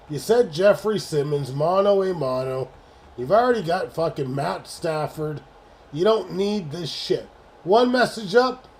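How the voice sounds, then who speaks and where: Hosting a late-night sports livestream, a man with a fairly high, darkish voice and lively intonation talks a little slowly over a slight hiss or hum. He banters with his chat about fantasy football trades in a casual, profane, exasperated way.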